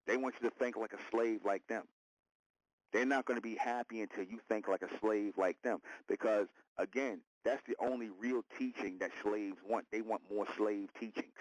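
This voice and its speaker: A man's voice: fairly low pitch, steady tone, measured pace, no echo, poor audio. Emphatic preaching man on internet radio. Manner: emphatic, repetitive, confrontational. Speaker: radio show host. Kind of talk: preaching monologue.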